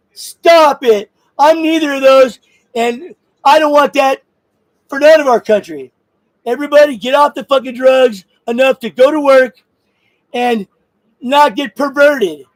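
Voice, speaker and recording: High-voiced man on a profane shouting rant. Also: dry recording, low-quality recording. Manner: angry, crude, bursts of shouting and laughter. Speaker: vlogger. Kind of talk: profane political rant to camera.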